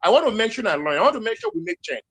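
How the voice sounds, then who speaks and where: A man's voice: extremely high pitch, sing-song, very fast, gravelly, fairly bright tone, slightly rough. A man with a Nigerian accent, speaking heatedly and repeating points in a live social media audio chat. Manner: heated, emphatic, repeats himself.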